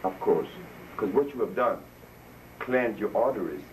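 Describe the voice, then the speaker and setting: A man with a low, animated voice speaks unhurriedly in a casual health talk before a live audience. He spins stories, laughs at his own jokes, and imitates the people he quotes, and the distant microphone picks up faint noise.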